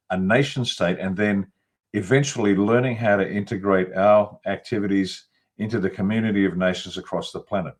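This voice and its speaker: Blunt man, low voice. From Australia. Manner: blunt, emphatic, long rolling lists. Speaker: guest commentator. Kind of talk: political commentary interview.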